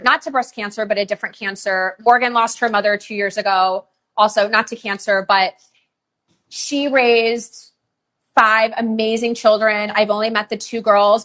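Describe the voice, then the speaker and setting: Woman, live-stream sales host, chatty with many fillers, voice a touch high. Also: a bit bright. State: tearful. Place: rose farm, humid.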